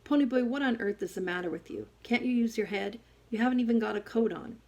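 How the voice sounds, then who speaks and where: A woman reading an audiobook, voicing an angry older brother who shouts and scolds. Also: a little high, fast, pitched above the performer's own voice. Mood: scolding. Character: angry young man, stern older brother.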